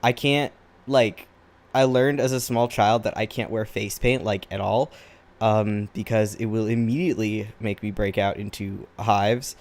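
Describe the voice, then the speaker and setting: A man's voice: on the low side, steady tone, measured pace, darkish tone. A tired man chatting casually and rambling in a self-deprecating way while he draws on camera. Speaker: artist drawing on camera. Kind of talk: casual chat while drawing.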